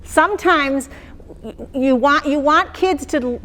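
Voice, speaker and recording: A woman's voice: high-pitched, slow, pushed and bright. A woman explaining to teachers how she would mark phonics skills in a lesson, in a conversational way that checks in with the listeners. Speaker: teacher trainer. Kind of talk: explaining classroom phonics practice.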